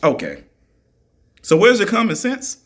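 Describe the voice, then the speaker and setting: A man's voice: high voice, wildly swooping pitch, measured pace, a bit bright. A man in a heated monologue, answering critics in an argumentative, mocking way and repeating his points for emphasis. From United States.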